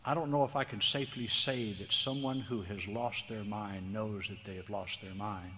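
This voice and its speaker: A man preaching a sermon, earnest and tender, speaking slowly with emphasis. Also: on the low side, steady tone, bright, forceful tone. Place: church hall. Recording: long hall reverb, faint background noise.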